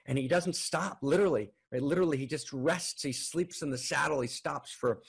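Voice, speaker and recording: A man telling a folk tale aloud in an animated way, often checking in with listeners. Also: fairly high pitch, a little fast, vocal fry, husky. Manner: animated, frequent "right?" tags. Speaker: storyteller.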